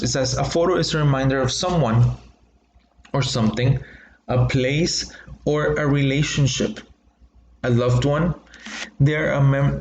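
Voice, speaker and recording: A man's voice: mid-range voice, a little mellow, echoey room. Male teacher, patient explainer, checks in often, faint noise behind. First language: Spanish. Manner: explains slowly, checks in with "okay?" and "right?". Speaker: English teacher. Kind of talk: online class lesson.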